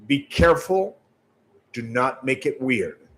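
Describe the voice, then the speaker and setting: This man speaks at medium pitch, expressively and slowly, over poor audio. Working as a sales trainer, he teaches callers how to handle sales calls in a coaching tone with direct advice, tripping on repeated words and asking "right?" to check in.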